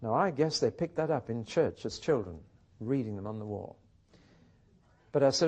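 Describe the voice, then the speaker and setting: A man's voice: mid-range voice, lively intonation, moderate pace, pauses often, darkish tone. A man teaching a Bible study, building points through rhetorical questions and personal stories. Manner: emphatic, rhetorical questions, storytelling. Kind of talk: teaching talk with anecdotes.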